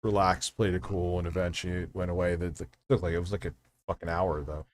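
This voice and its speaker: A man's voice: low-pitched, flat delivery, a little fast, a little hiss or hum. A man hosting a podcast, talking casually and chiming in with short remarks. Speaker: podcast host. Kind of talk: casual chat.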